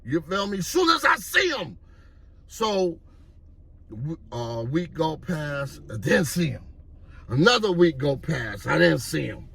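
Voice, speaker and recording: Gravelly, slightly high New guy; animated street storyteller who acts out voices. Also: slow pace, a little hiss or hum. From Harlem, New York. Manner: animated, acts out voices, repeats "you know what I mean".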